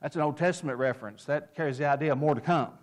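Man teaching a Bible class, a bit high-voiced, emphatic, quotes chapter and verse. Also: very fast. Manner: emphatic, cites chapter and verse, repeats key words; leads with questions and answers them himself.

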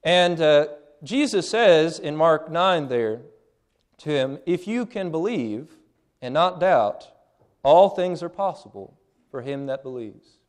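A man in his thirties delivers a sermon with earnest conviction. His voice sits a little high for a man. He speaks plainly and often restarts phrases mid-thought. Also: animated, slow. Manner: earnest, plain-spoken, with frequent restarts and fillers. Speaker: preacher.

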